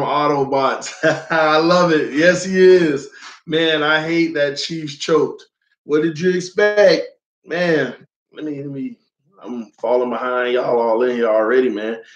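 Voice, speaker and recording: A man hosting a live fan stream, slightly hoarse from losing his voice, greeting viewers by name in loose slangy chat and getting loud when he argues. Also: on the high side, steady tone, slow, echoey room. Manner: gets loud and heated when arguing a point.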